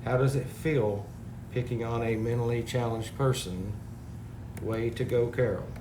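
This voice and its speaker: A man's voice: mid-range voice, fairly even intonation, unhurried. A man talking casually to his viewers, exasperated and rambling, reading out comments. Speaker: parody video maker. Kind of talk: casual complaint to camera. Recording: echoey room with background noise.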